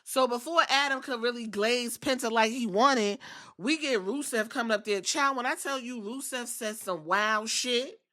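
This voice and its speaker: Bright-voiced woman, blunt and profane. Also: on the high side, moderate pace. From outside the US. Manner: blunt, profane, chatty storytelling. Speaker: podcast host. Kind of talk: casual recap podcast.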